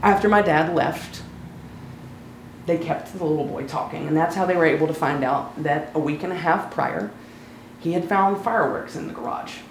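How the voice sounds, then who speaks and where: A speaker telling a personal story live on stage, chatty and lightly humorous, slowing down at emotional moments. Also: medium pitch, reverberant, slight background noise, poor audio. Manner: conversational, warm-humored, slows down for emotional moments.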